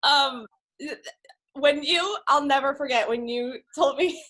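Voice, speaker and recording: Chatty woman host, slightly high voice. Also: takes it slowly, fairly bright tone. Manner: chatty, with many fillers and asides. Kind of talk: casual interview talk.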